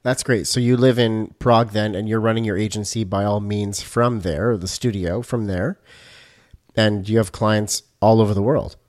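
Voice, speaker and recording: A man's voice: lowish voice, steady tone, moderate pace, a little mellow. A man hosting a podcast, introducing the episode and interviewing a guest in a casual, joking way. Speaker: podcast host.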